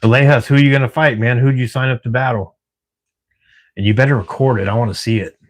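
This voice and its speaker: A middle-aged man from Washington State hosts a livestream at night while at work, chatting casually with viewers, laughing easily and swearing now and then. His mid-range voice is fast, with fairly even intonation.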